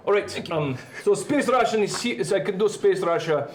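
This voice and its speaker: A man's voice: high-pitched, lively intonation, moderate pace, few pauses, soft background music. A man hosting a casual live stream and chatting loosely, with many fillers. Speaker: stream host and voice performer.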